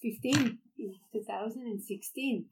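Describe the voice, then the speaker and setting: An Israeli woman in her thirties tells a story in an interview. Her voice sits somewhat high, and she speaks in an animated, emphatic way, repeating words as she gets carried along. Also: measured pace, background noise. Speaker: tour guide.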